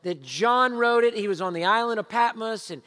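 A man in his forties with a drawl delivers a sermon with animated storytelling. His voice sits high and bright, rising loud and dropping hushed. It rings with the long reverb of a large church sanctuary. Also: normal speed. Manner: lively storytelling, swings between loud and hushed. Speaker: pastor.

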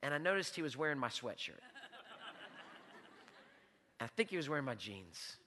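A man's voice: mid-range voice, very animated, normal speed, pushed and bright, big-room sound. A man preaching a sermon as pastor, emphatic, repeating key words and putting questions to the congregation. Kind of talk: sermon with storytelling and Bible teaching.

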